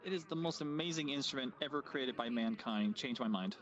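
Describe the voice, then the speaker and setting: Un uomo che parla con slancio ed enfasi in una chat di gruppo. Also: male voice, medium pitch, brisk, a bit bright, lo-fi sound. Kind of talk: casual chat in a VR social game. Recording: crowd chatter behind.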